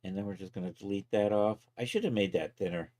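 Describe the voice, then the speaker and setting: Brief: easygoing male streamer with a lower voice, narrating his work as he goes and bantering with viewers. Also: fast talker. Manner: chatty, talks to viewers and to his software while working, chuckles often. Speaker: 3D artist livestreaming his work. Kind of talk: casual live-stream commentary.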